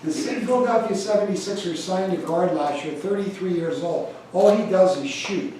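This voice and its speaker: Speaking at a normal pace in a high voice, a middle-aged American man gives a conversational stewardship talk, storytelling about his own life with mounting animation. The distant recording catches the echo of a large church hall and slight background noise.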